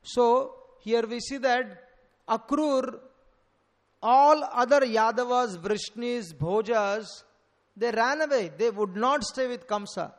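A man giving a devotional scripture lecture, telling stories earnestly and stressing key words. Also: very high voice. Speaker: preacher. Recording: long hall reverb.

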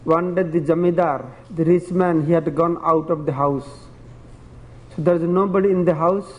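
A man with a high voice preaches a devotional sermon, telling parables in plain, broken phrasing and chuckling now and then. His words ring out with a long hall echo. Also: fairly even intonation, normal speed, phone-quality sound.

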